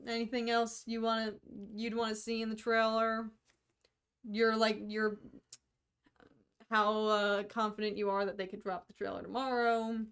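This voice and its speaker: A woman's voice: fairly high pitch, level tone, moderate pace, fairly bright tone, clean tone. A woman co-hosting a casual livestream chat who talks freely, hedges her guesses and laughs at herself. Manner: chatty, self-deprecating, hedges often. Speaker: co-host of a fan podcast livestream.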